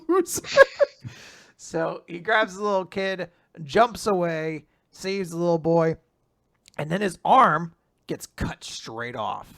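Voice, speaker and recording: A man casually recapping a manga chapter on a podcast, animated, often laughing and acting out characters' lines. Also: sits high, gravelly, dry recording. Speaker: podcast co-host.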